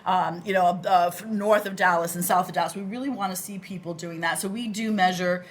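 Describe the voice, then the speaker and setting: A woman's voice: lowish voice, steady tone, a little fast. Woman, Boston accent, podcast guest, eager and rambling, faint background noise. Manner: enthusiastic, rambling, many fillers and restarts. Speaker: interview guest. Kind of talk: casual podcast interview.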